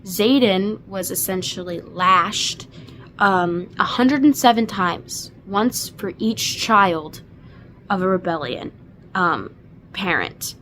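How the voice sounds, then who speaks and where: A woman's voice: medium pitch, animated, takes it slowly, a bit bright, a little hiss or hum. A woman in her twenties giving a casual, emotional book recap, gushing with lots of fillers. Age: 20s. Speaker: book reviewer.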